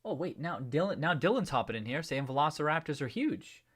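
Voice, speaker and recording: A man's voice: fairly high pitch, sing-song, fairly quick, fairly bright tone, husky. A man hosting a live stream, chatting casually and playfully with viewers and greeting them by name. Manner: loose rambling with restarts when explaining.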